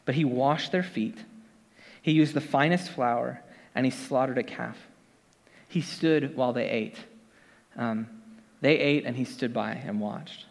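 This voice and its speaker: Male pastor, casual chatty sermon, mid-pitched, long hall reverb. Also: measured pace, creaky, long pauses. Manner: conversational, many fillers and asides to the congregation.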